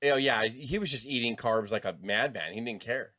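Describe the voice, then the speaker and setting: A man's voice: medium pitch, moderate pace, bright, forceful tone, no echo, clean studio sound. A man co-hosting a wrestling podcast, telling rambling stories casually and swearing freely. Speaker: podcast co-host.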